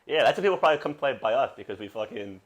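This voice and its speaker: A man's voice: mid-range voice, expressive, racing. A young man from Brooklyn, hosting a podcast and telling rambling, profane stories in casual chat. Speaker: podcast host.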